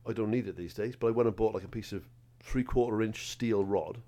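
A man co-hosting a live comedy podcast, telling a lively anecdote. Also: fairly low pitch, brisk. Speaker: podcast co-host.

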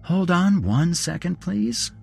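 A man's voice: high-pitched, animated, slow pace, creaky, soft background music, pitched above the performer's own voice, exaggerated voice. A man voicing a cheerful, creepy grown man who swings from jolly chatter to a hissing whisper. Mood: falsely jolly. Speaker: storyteller. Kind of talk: horror story narration.

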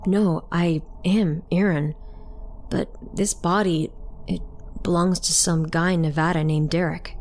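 A woman voicing a young man taken over by a calm, eerie spirit in a story reading. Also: on the low side, a little slow, a little hiss or hum, close to an everyday voice.

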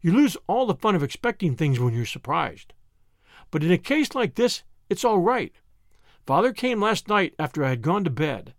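A man's voice: a little high, no room sound, clean studio sound. A man reading an audiobook, voicing an eager young boy who talks breathlessly about a happy surprise.

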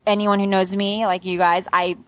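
A young adult woman telling her birth story in a casual, lively way, acting out what she said back then. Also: medium pitch, moderate pace, no echo, clean studio sound. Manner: lively storyteller who acts out her own past outbursts.

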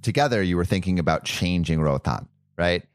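Deep-voiced male interviewer. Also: expressive, a little fast, faint music behind. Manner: short, plain follow-up questions and summaries. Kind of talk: interview questions.

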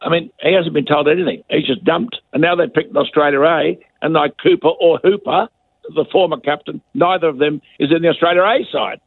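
A man's voice: a little high, brisk, vocal fry, no echo. An older man giving blunt, scathing radio commentary as a guest, heard over a phone line. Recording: dry tinny phone line.

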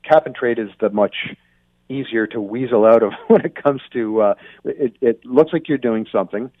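A man's voice: mid-range voice, moderate pace, no echo. A man from Ontario giving blunt, opinionated commentary over the phone, often restarting his sentences. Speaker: guest commentator. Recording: tinny dry phone line.

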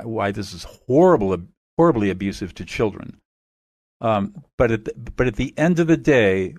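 A man being interviewed as an expert guest, calmly explaining methods in a measured, instructive way. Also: on the low side, no room sound.

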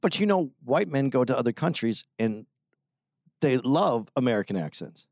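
A man's voice: medium pitch, expressive, moderate pace, darkish tone, dry recording, studio quality. A man co-hosting a podcast in casual chat, laid-back and hesitant, often restarting his sentences. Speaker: podcast co-host.

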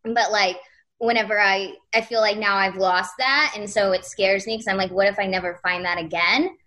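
A woman hosting a podcast, speaking openly and hesitantly, often pausing to search for words. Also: mid-range voice, fairly even intonation, bright, forceful tone. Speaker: podcast host. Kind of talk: candid conversation.

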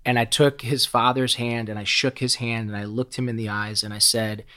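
A middle-aged man speaking as a podcast guest, at an ordinary mid-range pitch for a man. He tells stories in a raw, heartfelt way, swearing freely and stumbling over repeated words as he goes. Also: flat delivery, normal speed, pushed and bright. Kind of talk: candid conversational storytelling.

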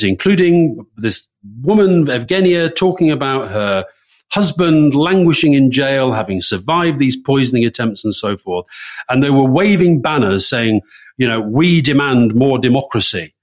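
A man co-hosting a political podcast, telling an amused, animated anecdote in casual chat. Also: medium pitch, measured pace. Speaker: podcast co-host.

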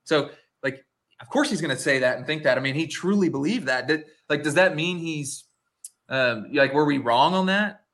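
A man co-hosts a sports podcast in casual chat, rambling, saying "like" constantly, and restarting sentences midway. His voice is fairly high, animated, and fairly bright, at a moderate pace.

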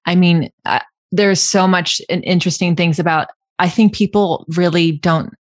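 A woman's voice: on the low side, fairly even intonation, moderate pace, no echo. A woman hosting a podcast interview, reflecting aloud in a casual way. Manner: reflective, thinking aloud with restarts. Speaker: podcast host.

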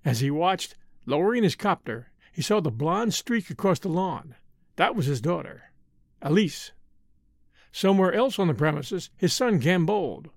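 Man narrating with a gravelly, lively voice. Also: on the high side, normal speed, dry recording, clean studio sound. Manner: dramatic, expressive reading. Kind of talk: audiobook narration.

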